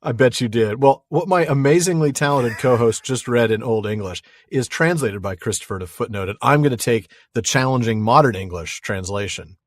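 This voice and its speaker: A man co-hosting a podcast in casual chat, effusive and quick to laugh. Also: medium pitch, no room sound, clean studio sound. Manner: enthusiastic, effusive praise, laughs easily. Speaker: podcast co-host.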